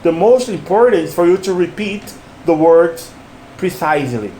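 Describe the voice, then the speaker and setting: A man's voice: high voice, lively intonation, moderate pace, mellow. A man teaching English one-on-one, patiently repeating phrases and coaching his student on stress and intonation. The recording sounds roomy, with a faint hiss.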